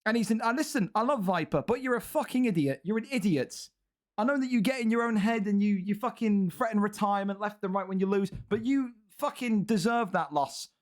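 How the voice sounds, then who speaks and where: A man's voice: sits high, fairly quick. A young man commentating video game fights, blunt and exasperated, ranting and swearing at a fighter's choices. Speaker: commentator and league host. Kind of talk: excitable esports fight commentary.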